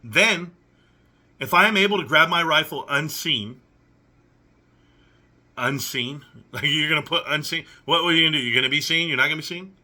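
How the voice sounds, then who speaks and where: A man's voice: on the high side, normal speed, long pauses, pushed and bright. A young adult man hosting a reaction commentary, reading messages aloud and picking at them with sarcastic, incredulous questions. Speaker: commentary channel host.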